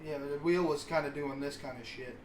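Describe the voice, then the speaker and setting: Brief: guy, slightly high voice, cusses constantly through rambling stories, roomy mic with light hiss. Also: steady tone, fairly quick. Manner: rambling, heavy swearing, self-mocking. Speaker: podcast co-host. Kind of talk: casual storytelling. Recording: roomy sound with faint hiss.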